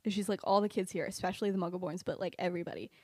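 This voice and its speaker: A woman's voice: fairly low pitch, fairly even intonation, rapid-fire, darkish tone, no echo, clean studio sound. A young woman casually retelling a fan-fiction story on a podcast, chatty, with lots of "like" and "um" and laughter. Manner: chatty, many "like" and "um", laughs at her own story.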